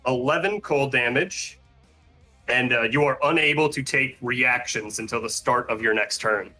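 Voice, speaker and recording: A man's voice: medium pitch, normal speed, bright, forceful tone, faint music behind. A man narrating as game master, rambling with fillers and restarts. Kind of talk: narrating a tabletop game over a call.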